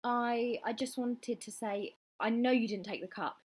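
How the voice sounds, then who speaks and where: A woman voicing an uncertain, earnest teenage girl who speaks haltingly, in a storybook reading. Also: on the high side, fairly even intonation, a little mellow, husky, voice pushed up. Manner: hesitant, halting.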